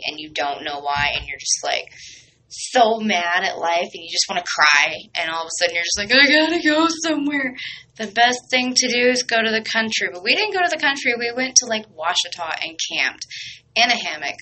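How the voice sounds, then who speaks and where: A woman's voice: on the low side, sharp tone, a little hiss or hum, rough recording. A woman hosting her own podcast, rambling in casual chat with lots of fillers and restarts. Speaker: podcast host.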